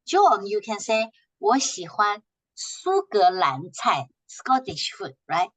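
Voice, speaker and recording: A woman teaching a language class, patiently repeating short phrases slowly for her students to echo. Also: medium pitch, very animated, fairly bright tone.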